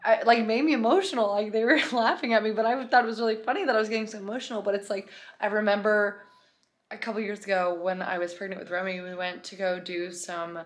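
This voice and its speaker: A woman's voice: mid-range voice, fairly even intonation, quick pace. Chatty young woman vlogging. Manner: chatty, rambling, heavy use of "like". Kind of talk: casual vlog chat to camera.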